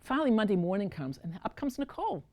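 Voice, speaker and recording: A woman's voice: mid-range voice, quick pace. A woman performing a one-woman storytelling show, talking straight to the audience and calling them folks. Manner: animated, addresses audience as folks. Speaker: solo stage performer.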